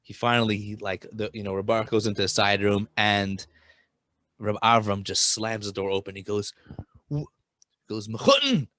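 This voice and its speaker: A man's voice: fairly low pitch, level tone, normal speed, a bit bright, no room sound. A man casually telling a Hasidic story, talking informally with many restarts and Yiddish and Hebrew terms.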